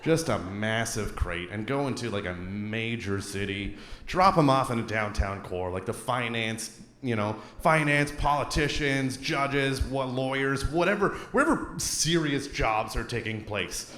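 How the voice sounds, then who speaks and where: A Canadian man performing a stand-up comedy set on a club stage into a handheld mic, animated, swinging between loud bursts and low asides. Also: a little slow. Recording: roomy club with crowd laughter.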